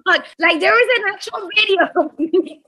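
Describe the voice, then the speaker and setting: Bright, high-voiced woman telling a wild story. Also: moderate pace. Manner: animated, laughs often, says "like" a lot. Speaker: guest storyteller. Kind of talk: casual comedic storytelling.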